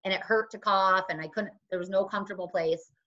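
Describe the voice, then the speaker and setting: A woman's voice: medium pitch, brisk. A woman, a guest on a conversational show, telling her own story casually and acting out what other people said to her. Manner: animated, acts out other people's lines. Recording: dull lo-fi recording.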